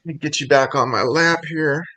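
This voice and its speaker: A man's voice: a little high, brisk, sharp tone. A man co-hosting a casual podcast, rambling and chatty, often laughing between thoughts. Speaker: podcast co-host.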